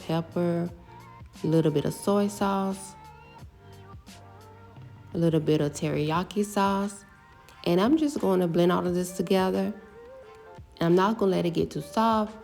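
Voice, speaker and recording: A middle-aged woman casually talking through her home cooking step by step, relaxed and chatty. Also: lowish voice, creaky. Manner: relaxed, step-by-step explaining with fillers.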